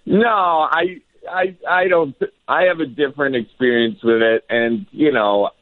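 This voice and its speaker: A man's voice: medium pitch, unhurried, no echo. A man from Wisconsin, a comedian and author, chatting as a radio guest and telling jokey stories. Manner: jokey, animated storytelling. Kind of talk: casual interview chat. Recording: tinny phone line.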